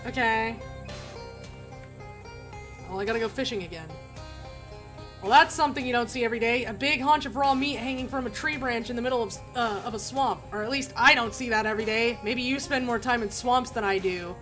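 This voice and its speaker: A woman's voice: on the high side, a little fast, fairly bright tone, soft background music. A woman streamer playing a game, reading its text aloud with wry asides and frequent laughter. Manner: wry, chatty, laughs often.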